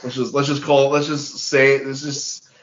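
A man in easygoing movie banter who stumbles through restarts and leans on "listen" to make his points. His pitch is mid-range, and the sound is echoey and slightly muffled. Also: little pitch movement, unhurried. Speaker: podcast co-host. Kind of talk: casual movie-review chat.

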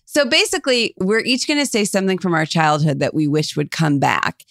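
A woman's voice: fairly low pitch, fairly quick, vocal fry, a bit bright, dry recording, studio quality. Chatty woman with a Cleveland accent. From Cleveland, Ohio. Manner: chatty and upbeat, heavy use of "like". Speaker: podcast co-host. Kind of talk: casual podcast chat.

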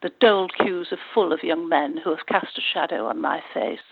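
A woman's voice: fairly low pitch, brisk, creaky, slightly rough, dry recording. A woman voicing a witty, grand older actress with an arch, dryly cutting delivery. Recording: tinny phone-like line.

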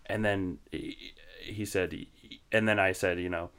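A man's voice: sits low, fairly even intonation, measured pace, fairly bright tone, smooth. A man co-hosting a podcast in casual chat, reasoning through his points in an argumentative way. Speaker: podcast co-host.

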